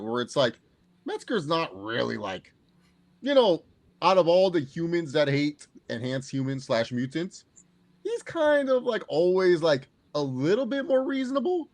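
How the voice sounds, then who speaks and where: A man's voice: a little high, moderate pace, no echo. A man co-hosting a casual movie review podcast, talking with energy, laughing and quoting characters as he goes. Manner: animated, laughs often, quotes characters. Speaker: podcast co-host.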